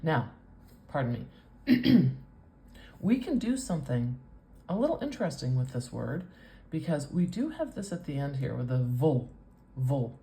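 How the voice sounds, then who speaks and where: A woman with a North American accent, teaching as a speech coach with patient explanations and drawn-out sound demonstrations. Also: rumbling low, big pitch swings, dark tone. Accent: North American English. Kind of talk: teaching with a whiteboard demo.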